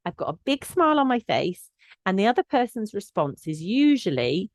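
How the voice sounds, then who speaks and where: Her voice is medium-pitched, at a normal speed, with no echo, as she hosts a relaxed instructional podcast about training dogs. She's a collie behaviour specialist who chats freely, restarts often, leans on fillers, and turns animated when quoting someone.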